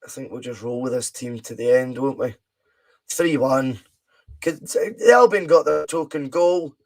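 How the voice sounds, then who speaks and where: A man's voice: medium pitch, a little slow. A Scottish man hosting a casual live stream, bantering chattily and reading out viewer comments while he plays a football management game.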